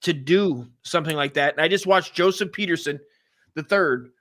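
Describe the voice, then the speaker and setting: A man with a bright, forceful tone and a slightly high voice, talking in loose podcast banter. He rambles, swears often and slips into acting out what others said. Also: moderate pace. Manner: rambling, profane, acts out what people said. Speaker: podcast co-host. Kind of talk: casual podcast chat.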